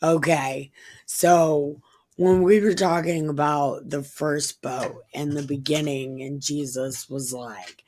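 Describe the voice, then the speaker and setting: Lady reading the bible w crude jokes, low slow voice. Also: dry recording. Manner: deadpan reading with crude joking asides. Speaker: comedic scripture reader. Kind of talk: irreverent comedic Bible reading.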